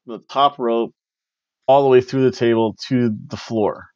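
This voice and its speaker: A man hosting a wrestling review podcast, recapping a show in casual chat and slipping into quick mimicry of wrestlers. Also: mid-range voice, smooth, no echo, lo-fi sound. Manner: animated, mimics wrestlers and announcers in quick asides.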